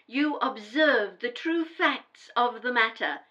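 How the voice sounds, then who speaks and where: Brief: actress as middle-aged daughter, firm and emphatic, bright and very expressive. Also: female voice, a little high, slow, lo-fi sound, exaggerated voice. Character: grown daughter, housewife, proud and defensive. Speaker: adult daughter. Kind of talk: audio drama dialogue.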